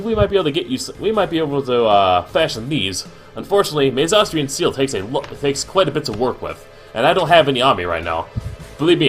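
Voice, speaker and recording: A man's voice: mid-range voice, pitched above the performer's own voice, lightly acted. Man doing a cheerful robot blacksmith. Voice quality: robotic, bright and upbeat. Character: cheerful armored robot blacksmith, male, eager.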